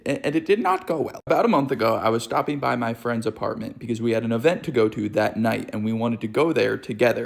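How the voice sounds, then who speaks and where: A young man telling comedic stories from his own life, animated and exaggerated, acting out the people he quotes. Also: mid-range voice. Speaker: storyteller. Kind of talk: comedic storytime narration.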